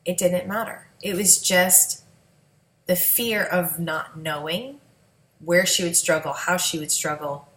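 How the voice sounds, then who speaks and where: A woman's voice: fairly low pitch, takes it slowly, a bit bright, roomy sound, low-quality recording. A woman, a mother, telling her family's story in a candid, emotional, conversational vlog.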